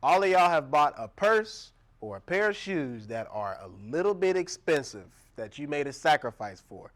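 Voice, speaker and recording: Animated young man preaching, raised voice. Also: on the high side. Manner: animated, laughing, acts out quoted voices. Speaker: pastor. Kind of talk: sermon.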